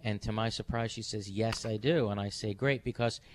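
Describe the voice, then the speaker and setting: A middle-aged man hosting a radio show, telling a story in a casual, animated way and acting out the voices of the people in it. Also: on the low side, moderate pace, slight background noise. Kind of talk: casual on-air chat.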